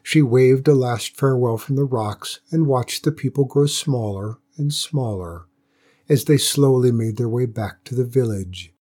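A man reading a folktale aloud in a measured, gentle storytelling manner. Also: medium pitch. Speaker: narrator.

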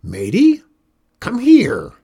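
A man reading a storybook and voicing an excitable, lonely old female witch in a raised, pleading voice. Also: mid-range voice, unhurried, vocal fry, breathy edge, full character voice.

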